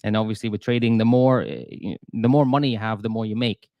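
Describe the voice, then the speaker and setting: A man's voice: fairly low pitch, fairly even intonation, brisk, no echo, dull audio. A man talking casually on a live trading stream, chatty and self-deprecating, full of restarts and asides to viewers. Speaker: forex trader streamer.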